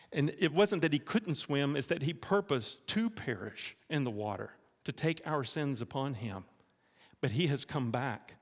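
A man preaching a sermon as pastor, telling stories and making direct appeals to the congregation. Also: a little high. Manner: animated storytelling, direct appeals. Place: church. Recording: echoey church hall.

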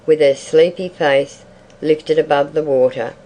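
A reader narrating a literary short story in a measured, even audiobook style. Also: mid-range voice, rough recording.

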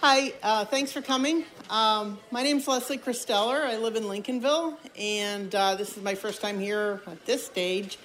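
A woman's voice: mid-range voice, steady tone, moderate pace, hardly any pauses, fairly bright tone, a little hiss or hum, low-quality recording. A woman introducing herself before telling a story on stage, speaking in a friendly but hesitant way with many ums and uhs.

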